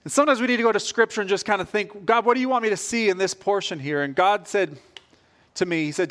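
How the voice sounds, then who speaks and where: High-voiced man preaching with animated storytelling. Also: fast. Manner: storytelling, acts out quoted voices with rising energy. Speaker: pastor. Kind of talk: sermon.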